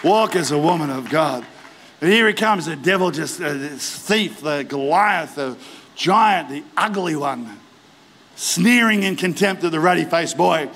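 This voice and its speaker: A male pastor preaching a sermon in a large church, acting out the story's characters and rising to shouted exhortation. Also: on the high side, lively intonation, a little slow. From Australia.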